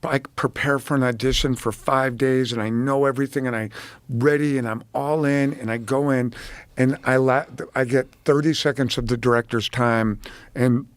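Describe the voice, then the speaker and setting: A middle-aged man, a film director, telling animated, profane stories in a casual chat and acting out the voices of people he quotes. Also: mid-range voice, normal speed, no echo.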